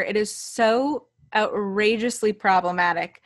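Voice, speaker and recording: Unhurried woman podcast host. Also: mid-range voice, a bit bright. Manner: laughs while telling anecdotes, emphatic asides. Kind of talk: casual chat.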